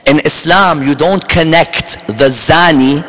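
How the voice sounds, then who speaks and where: A man's voice: fairly high pitch, slow pace, fairly bright tone. A man giving a sermon, emphatic and fond of rhetorical questions to his audience. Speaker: religious lecturer. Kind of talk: Muharram majlis sermon. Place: large religious center hall. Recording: echoey hall.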